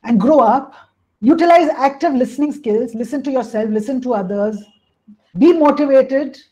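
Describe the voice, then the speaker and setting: A woman's voice: high voice, normal speed, dark tone, poor audio. A woman coach presenting a webinar on emotions, explaining at length and often saying "you know" and "hey, listen" over a call.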